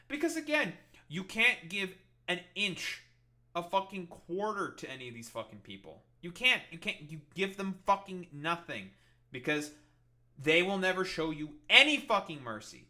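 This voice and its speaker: Bright, high-voiced man ranting profanely. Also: very animated, moderate pace. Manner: profane, angry, sarcastic. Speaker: political commentator. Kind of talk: ranting reaction commentary.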